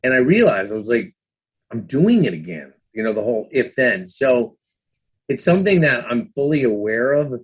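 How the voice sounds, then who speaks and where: A man's voice: medium pitch, animated, fairly quick, breathy edge. A man around fifty, a podcast guest telling his story casually, with lots of "you know"s and acted-out quotes of his own past thoughts. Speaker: guest, former trader and author.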